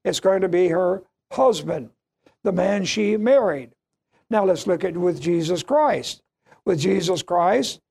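Guy preaching bible study, higher voice with a gravelly edge, slow and emphatic. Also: darkish tone. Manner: slow and emphatic, repeating key phrases. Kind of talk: verse-by-verse Bible teaching.

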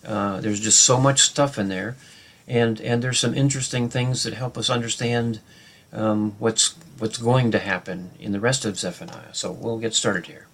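A man teaching a Bible study lesson off the cuff, pausing and restarting often with many fillers. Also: on the low side, fairly even intonation, a bit bright.

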